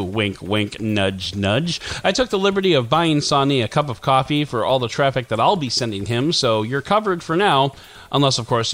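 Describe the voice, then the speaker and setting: A man's voice: medium pitch, a bit bright. A man in his forties hosting a tech podcast, reading a scripted news roundup with puns and self-mocking asides.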